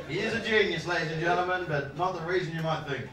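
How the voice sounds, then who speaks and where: A man delivers a stand-up set in a high, loud voice, swearing freely and mocking with relish. He sounds set back from the mic in a roomy club. Loud audience laughter and crowd noise surround him. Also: fast talker, hardly any pauses. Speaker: stand-up comedian. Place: comedy club stage with live audience. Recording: roomy, distant live-room recording.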